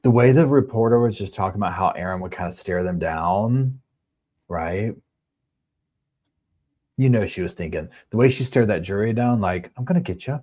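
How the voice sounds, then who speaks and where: A man's voice: on the low side, normal speed, long pauses, dark tone. A man hosting a live true-crime stream, chatting casually, greeting viewers and reading out comments and statements.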